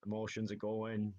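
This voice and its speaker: Man, low voice, casual, storytelling guest. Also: a little mellow. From Northeast England. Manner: chatty storytelling, says "aye" and "like". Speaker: ice hockey player guest. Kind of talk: casual podcast interview.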